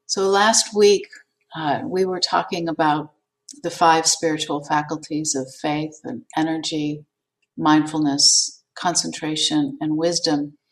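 Slow, low-voiced woman teaching meditation. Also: steady tone. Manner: gentle, unhurried, with frequent fillers and repeats. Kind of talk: dharma talk to an online class. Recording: voice distant from the mic.

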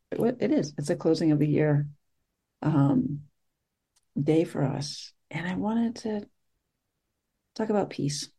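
A middle-aged meditation teacher giving a soft-spoken, reflective talk after a group sit, pausing often and searching for words. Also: medium pitch, gravelly. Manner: soft-spoken, gentle, searching, with many pauses and fillers.

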